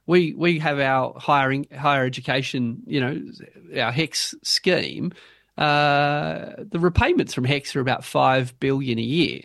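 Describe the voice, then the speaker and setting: A man with an Australian accent, speaking as an interview guest in an animated, emphatic way and building his point with punchy rhetorical lines. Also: medium pitch, no room sound, clean studio sound. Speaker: guest policy advocate. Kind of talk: interview, arguing for a policy.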